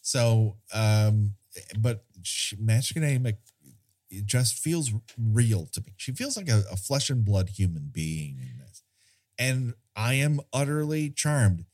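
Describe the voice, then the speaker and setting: Slow, low-voiced man discussing films. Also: very animated, darkish tone. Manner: rambling, self-deprecating, laughs often. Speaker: podcast co-host. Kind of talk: casual film discussion.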